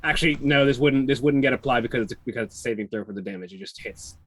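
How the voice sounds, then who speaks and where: A man playing a tabletop game on a live stream, explaining rules quickly and correcting himself as he goes. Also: medium pitch, a bit bright.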